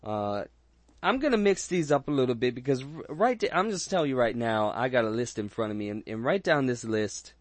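A man's voice: mid-range voice, expressive, fairly quick, dry recording. A man hosting a casual movie review chat, rambling and crude with frequent restarts and jokes. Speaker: podcast host.

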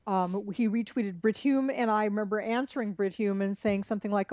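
A woman's voice: medium pitch, steady tone, fairly quick, darkish tone, dry recording. A woman co-hosting a casual political podcast, chatting and reading quotes aloud with many fillers and restarts. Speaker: podcast co-host. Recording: dull lo-fi sound, dry.

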